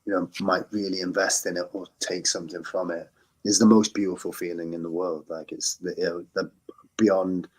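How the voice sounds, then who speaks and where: Deep-voiced English man, earnest and rambling. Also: level tone, normal speed. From England. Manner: rambling, self-correcting, earnest. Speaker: guest musician. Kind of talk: casual podcast interview.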